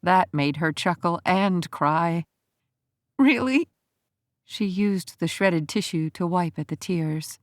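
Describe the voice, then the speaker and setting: A woman narrating a romance audiobook in an even, measured storytelling manner. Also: lowish voice, no echo, clean studio sound.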